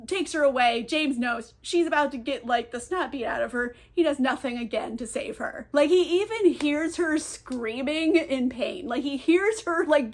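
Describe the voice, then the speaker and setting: A young woman recapping a novel in a candid, sarcastic way, with lots of fillers and casual swearing. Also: high-pitched. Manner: chatty, filler-heavy storytelling. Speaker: book reviewer.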